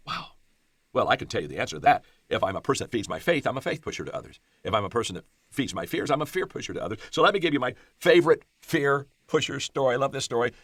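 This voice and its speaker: A man's voice: mid-range voice, lively intonation, quick pace, a bit bright, no echo, clean studio sound. A man giving a motivational talk on leadership, stressing and repeating key phrases and often restarting with "I, I". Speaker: leadership speaker.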